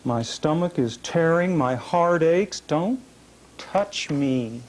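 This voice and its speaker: A man gives a public reading of his own first-person prose. He takes it slowly, leaning into long pauses, and his pitch rises and falls widely as he shapes each line. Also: lively intonation, a little mellow. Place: reading series event.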